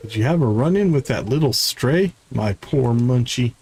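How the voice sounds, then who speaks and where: A doting pet owner who coos and fusses in a slow, tender way, with a voice that rises and falls readily, as a man voices the part. Faint ambience sits behind the voice. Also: mid-range voice, animated, a little mellow, slight background noise, lightly acted. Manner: tender, fussing, slow cooing. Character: doting pet owner fussing over a cat. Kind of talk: reading game dialogue aloud in voices.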